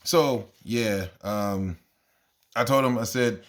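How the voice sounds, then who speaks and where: A man who teaches kindergarten, telling funny stories from his class in a casual, exasperated, animated way and jumping up in pitch when he quotes himself. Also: slow. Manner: animated, exasperated, jumps into high voices when quoting himself. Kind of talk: casual storytelling monologue.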